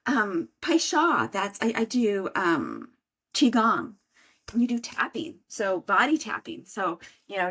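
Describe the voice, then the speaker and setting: A middle-aged woman sharing her healing story in conversation, animated and acting out her own inner voice. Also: fairly high pitch, slow pace, breathy edge. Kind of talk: conversational interview talk.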